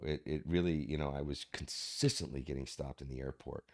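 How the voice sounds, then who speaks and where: A man's voice: rumbling low, steady tone, fairly quick, gravelly, darkish tone. A man guest on a podcast, talking reflectively and acting out the people in his stories. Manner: reflective storyteller who acts out quoted voices. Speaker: actor guest. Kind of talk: podcast conversation.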